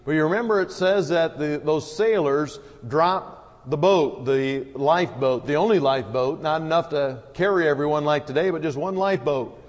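A man preaching a sermon in a relaxed, folksy manner, dotted with small fillers. His voice sits somewhat high for a man. A long reverb of a large hall follows every phrase.

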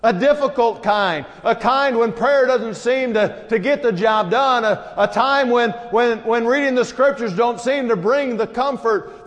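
High-voiced man preaching in a reverberant hall. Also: a little slow, few pauses. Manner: earnest preaching, rising to emphatic peaks. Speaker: pastor. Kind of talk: sermon.

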